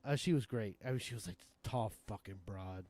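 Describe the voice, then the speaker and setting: A man's voice: fairly low pitch, a little fast, a little mellow, no room sound. A man streaming a game live who chats casually, rambling and swearing as he chuckles often, into a desk mic at a home setup.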